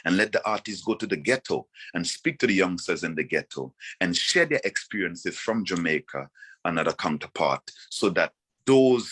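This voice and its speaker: A man's voice: sits low, pushed and bright, slightly rough. A Vincentian man, a reggae artist, talking passionately in an interview and firing off rhetorical questions. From Saint Vincent and the Grenadines.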